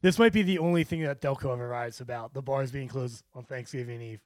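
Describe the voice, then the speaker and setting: A podcast co-host with an everyday mid-pitched voice who chimes in with joking asides. The sound is dry and close to the mic. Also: male voice, quick pace, no room sound. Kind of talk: casual chat.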